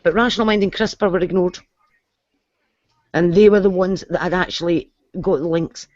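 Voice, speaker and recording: A woman's voice: fairly low pitch, moderate pace, darkish tone, no room sound. A woman talks firmly and indignantly in a casual online group chat. Her voice is dry and close, with dull lo-fi web call sound. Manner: indignant, firm.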